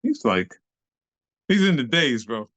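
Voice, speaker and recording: A man's voice: medium pitch, sing-song, a little slow, a bit bright, dry recording. A middle-aged man, a guest on an interview show, telling a story animatedly, swearing freely in street slang and acting out scenes with beats and sound effects.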